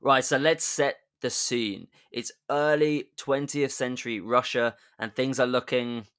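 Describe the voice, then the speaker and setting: A man telling history as a comedy podcast host. His voice sits at an ordinary middle pitch, and he chats along loosely, throwing in jokey asides and sudden emphatic bursts. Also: steady tone, measured pace, a bit bright, smooth.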